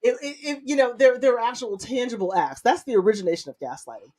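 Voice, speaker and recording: A woman's voice: fairly high pitch, sing-song, quick pace, a little mellow. Blunt woman podcast co-host. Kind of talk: casual chat.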